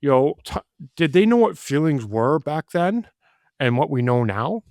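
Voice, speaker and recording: A man's voice: on the high side, very animated, normal speed, darkish tone, dry recording, clean studio sound. A middle-aged father talking as a guest, rambling earnestly with many restarts. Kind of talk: casual conversation.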